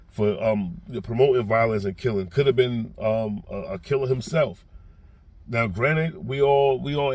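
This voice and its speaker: A man with a New York accent talks through a reaction vlog in a casual, rambling monologue. His voice is gravelly and husky, and he often restarts his sentences. It rises and turns heated whenever he acts out someone else's words. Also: medium pitch. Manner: gets loud and heated when acting out quotes. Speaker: reaction vlogger.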